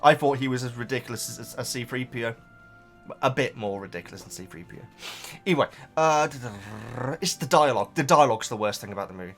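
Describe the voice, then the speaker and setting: A man's voice: medium pitch, lively intonation, fast talker, fairly bright tone, soft background music. Rambling man chatting through viewer comments. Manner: rambling, trails off into tangents, thinks aloud. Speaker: YouTuber reading viewer comments. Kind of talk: casual chat.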